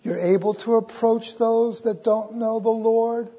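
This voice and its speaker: Man, preacher, sermon, husky, slow and deliberate, loud-then-hushed delivery, dull recording, long church reverb. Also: very high voice, fairly even intonation. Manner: impassioned, urgent repetitions, swings between loud and hushed. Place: church sanctuary.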